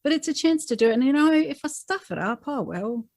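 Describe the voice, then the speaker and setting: A woman's voice: high voice, expressive, a little fast, darkish tone, no room sound. An Australian woman, a guest author, chatting casually in an interview and acting out quoted lines as she tells stories. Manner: chatty storyteller who acts out quoted lines.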